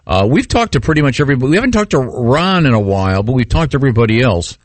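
A man's voice: medium pitch, very animated, very fast, dry recording. Guy host interviewing a comedian, dry close sound, chatty short questions. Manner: friendly, questioning, brief interjections. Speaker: radio host. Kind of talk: casual interview.

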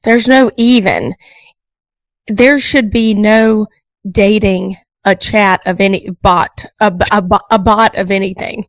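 A woman's voice: medium pitch, normal speed, hardly any pauses, dry recording, poor audio. A woman co-hosting a morning radio show, arguing her point firmly and indignantly. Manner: indignant, firm. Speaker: radio co-host. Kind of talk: casual morning-show chat. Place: radio studio. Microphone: studio microphone.

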